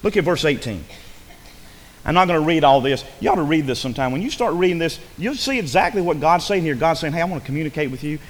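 A man preaching a sermon in a folksy, repetitive way, swinging between loud emphasis and hushed asides. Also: fairly high pitch, animated, fast talker. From rural upbringing. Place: church. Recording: long hall reverb.

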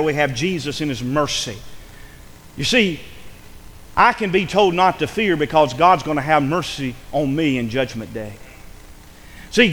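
A man's voice: fairly high pitch, a bit bright. A male pastor preaching a fervent sermon in a church, swelling into impassioned calls to the congregation. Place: church sanctuary. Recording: reverberant church hall.

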